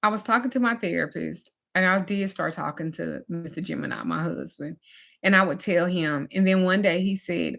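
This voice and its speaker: A woman's voice: fairly low pitch, normal speed, creaky. A woman spiritual teacher candidly telling a personal story in a teaching talk, emphatic and frank. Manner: candid, emphatic, swings from animated to drained. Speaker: spiritual teacher and life coach.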